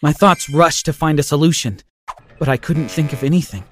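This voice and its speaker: A man narrating a scripted first-person story in an expressive, dramatic way. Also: on the high side, brisk, faint music behind.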